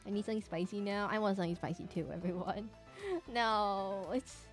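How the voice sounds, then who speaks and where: While sketching on stream, a young woman talks playfully with her chat, wandering from topic to topic and humming now and then. Her mid-range voice is fairly quick and fairly even in intonation, backed by soft music.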